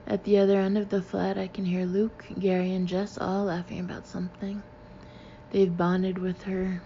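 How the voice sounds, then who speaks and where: A woman's voice: flat delivery, brisk, vocal fry, dark tone, dull audio, slight background noise. A woman reading a first-person novel aloud, lifting her voice for the dialogue. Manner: voices dialogue with lifts in pitch and volume. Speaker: audiobook reader.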